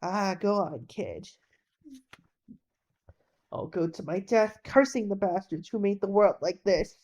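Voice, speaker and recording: Brief: woman reading a doomed young airman, slow and mellow, tender but bitter. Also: mid-range voice, expressive, close to an everyday voice. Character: young male pilot, frightened then bitter.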